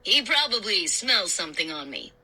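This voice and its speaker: A woman voicing a calm adult male real estate agent who talks in a smooth, reassuring way in a storybook reading. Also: mid-range voice, moderate pace, heavily acted, poor audio.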